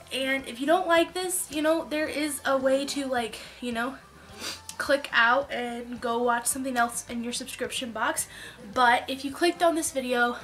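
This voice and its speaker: A young woman vlogging casually to camera, chatty, with many "like"s and a sore throat. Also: a little high. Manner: chatty, animated storytelling with many "like"s.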